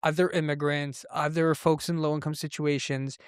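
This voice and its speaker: A man who grew up in Canada as an immigrant, telling a personal story in an interview, acting out the voices of the people in it with big leaps in pitch. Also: little pitch movement, moderate pace, clean tone, no echo, clean studio sound. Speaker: guest, entrepreneur.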